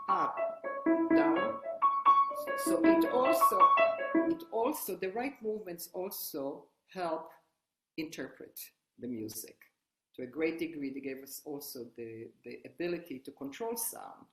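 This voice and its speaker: Woman, piano teacher, low voice, explaining while playing, roomy sound, loud piano behind. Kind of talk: instructional demonstration at the piano. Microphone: online workshop, single room mic.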